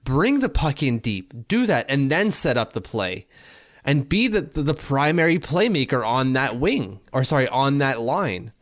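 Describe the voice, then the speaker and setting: A man's voice: medium pitch, big pitch swings, measured pace, fairly bright tone, no echo. Opinionated man on a dry mic. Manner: opinionated, rambling with restarts. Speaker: podcast co-host. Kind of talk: casual sports talk.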